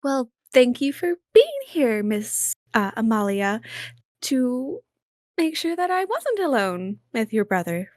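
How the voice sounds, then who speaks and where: A woman's voice: a little high, big pitch swings, takes it slowly, dry recording, studio quality. A woman playing a flustered young debutante. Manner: hesitant, polite, stammering.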